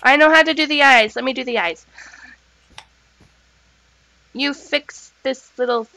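Woman, gaming host, high voice, bright tone, unhurried, giggly, excitable exclamations. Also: vocal fry, poor audio. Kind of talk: casual gameplay chat.

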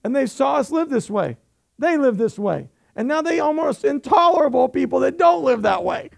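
High, gravelly-voiced preaching pastor. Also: male voice, expressive, normal speed. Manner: preaching with rhetorical questions and humor. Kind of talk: sermon.

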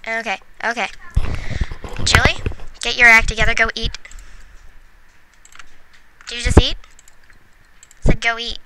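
A woman's voice: fairly high pitch, flat delivery, unhurried, long pauses. A woman hosting a let's play, giving casual gameplay commentary in a chatty, giggly way and talking to the game characters. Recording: noisy home recording.

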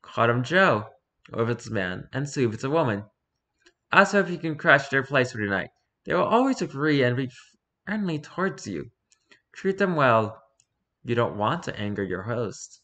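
A man reading a rules-style horror story aloud for his channel, lively, with occasional stumbles and restarts. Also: medium pitch, moderate pace. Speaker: YouTuber reading horror stories.

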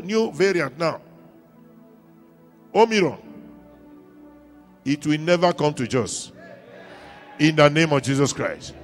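A man's voice: on the high side, animated, slow pace, long pauses, faint music behind. A man with a Nigerian accent preaching a sermon in church, emphatic, repeating key lines and calling for the congregation to answer. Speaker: pastor.

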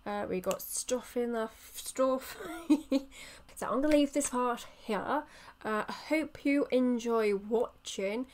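A woman's voice: fairly high pitch, takes it slowly, a little mellow. Chatty woman voicing her game characters. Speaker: let's play host. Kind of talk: casual gameplay commentary.

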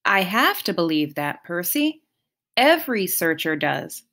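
A woman voicing an anxious, earnest young male satyr with a raised, pleading voice, in a slow, lively storybook reading. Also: lowish voice, full character voice.

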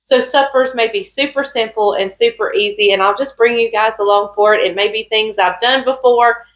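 A woman's voice: a little high, moderate pace, fairly bright tone, rough recording. A woman with a Southern US accent chatting casually to camera from her couch about a family meal. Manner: chatty, homey, fond of food. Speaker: farm vlogger, pastor's wife. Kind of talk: casual vlog talk to camera. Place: home living room couch.

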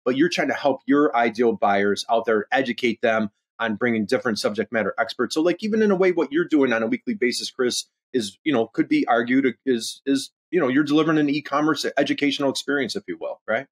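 A man's voice: medium pitch, quick pace, few pauses, slightly rough. A man speaking as a podcast guest, talking enthusiastically in a rambling way, full of "you know" and "uh". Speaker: podcast guest, e-commerce consultant. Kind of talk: conversational interview.

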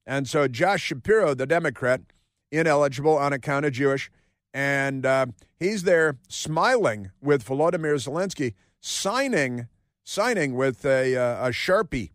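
A man's voice: medium pitch, expressive, a little slow, no echo. A man hosting a talk radio show, delivering a sarcastic, rambling opinion monologue in a studio. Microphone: studio microphone.

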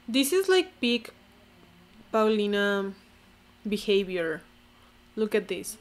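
Young woman, from Mexico, vocal fry, sarcastic, self-mocking, casual vlog commentary, filler-heavy. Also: medium pitch, very animated, takes it slowly, long pauses. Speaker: vlogger.

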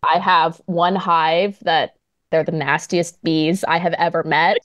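A woman's voice: fairly low pitch, fairly even intonation, unhurried, a bit bright, no room sound. A woman guest author in casual podcast chat, chatty and laughing often, with many "like"s.

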